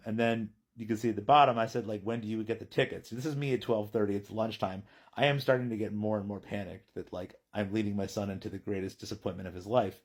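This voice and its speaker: A man telling a personal story in a chatty, animated vlog. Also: lowish voice, fast talker.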